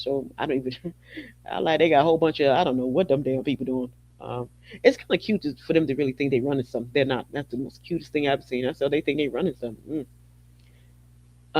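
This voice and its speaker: A woman's voice: deep voice, a little mellow. A woman hosting a podcast in a casual monologue, mocking and laughing as she talks and often repeating herself. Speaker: podcast host. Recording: dull lo-fi dry recording.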